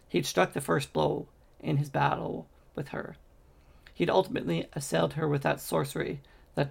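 A man reading a fantasy novel aloud in a steady storytelling manner, with occasional slips and restarts. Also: a little high, gravelly, slightly rough. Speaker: audiobook reader.

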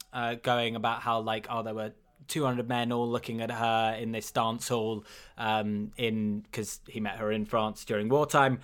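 A man's voice: mid-range voice, fairly bright tone, clean tone. A man recapping a film in casual chat, rambling with many fillers and acting out lines. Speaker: podcast co-host.

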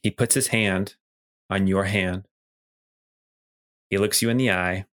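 A man narrating as game master of a tabletop role-playing game, relaxed, with frequent ums and restarts. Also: sits low, slow.

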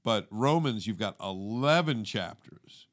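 A podcast co-host with a low voice teaches in a conversational way at a measured pace. He is animated, acting out his inner monologue and calling the listener "dude."

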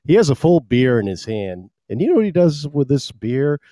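A man hosting a podcast in casual chat, an animated storyteller who laughs often. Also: mid-range voice, normal speed, dry recording. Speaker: podcast host.

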